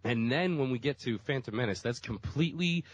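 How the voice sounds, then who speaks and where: A man's voice: mid-range voice, lively intonation, fairly quick, muffled recording. Chatty man with a cold. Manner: rambling, laughs often. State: has a cold. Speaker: podcast co-host. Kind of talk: casual chat.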